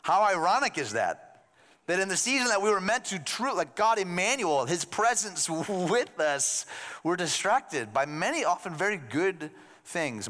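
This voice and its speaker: A man's voice: on the high side, big pitch swings, moderate pace, pushed and bright. A male pastor preaching a sermon in a conversational way, with joking asides to the congregation. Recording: long hall reverb.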